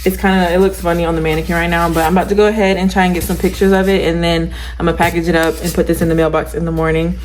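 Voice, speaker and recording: A young woman chatting casually to camera in a crochet vlog, slangy and animated as she reacts to a TV show. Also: fairly low pitch, racing, hardly any pauses, slight background noise, poor audio. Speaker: crochet vlogger. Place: home, indoors.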